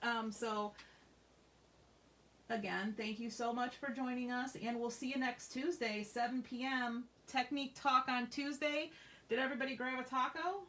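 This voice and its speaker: Speaking at a normal pace in a steady, slightly bright voice on the high side, a woman runs a live craft workshop in a craft store classroom. She is chatty and upbeat, showing a stamping technique while reassuring viewers.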